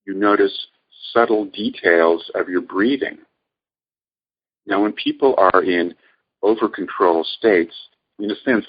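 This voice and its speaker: Slow, deep-voiced man guiding a meditation. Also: dull audio. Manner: calm, measured, gently instructive. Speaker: meditation teacher. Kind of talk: guided meditation lecture.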